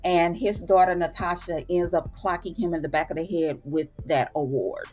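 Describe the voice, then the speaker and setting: A woman with a fairly low-pitched voice hosts her own channel, chatting through a television recap. She retells scenes with relish and drops slangy asides along the way. Soft music sits faintly underneath. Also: steady tone, normal speed. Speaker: TV and film review channel host. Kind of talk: casual episode recap.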